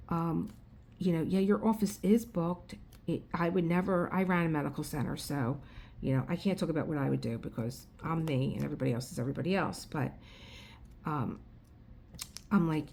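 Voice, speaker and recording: A middle-aged woman telling a story in casual chat, animated, quoting others and often restarting her sentences. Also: on the low side. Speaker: craft vlogger.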